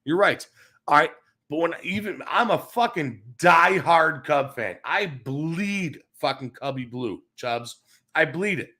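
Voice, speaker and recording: A man's voice: fairly high pitch, expressive, slow pace, bright, forceful tone. A man hosting a sports talk livestream, ranting with heavy swearing, repeating himself and reading out viewer comments. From Chicago area. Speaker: sports talk show host. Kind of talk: profane livestream sports rant.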